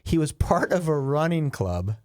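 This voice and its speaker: A man's voice: a little high, normal speed, dry recording, clean studio sound. A man co-hosting a podcast, telling jokes and stories in casual banter. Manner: joking, animated storyteller. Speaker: podcast co-host.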